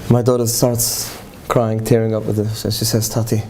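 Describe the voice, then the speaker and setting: Earnest heartfelt man, mellow voice. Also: fairly low pitch, level tone, normal speed, a little hiss or hum. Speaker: speaker addressing parents. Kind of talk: emotional talk to a live audience.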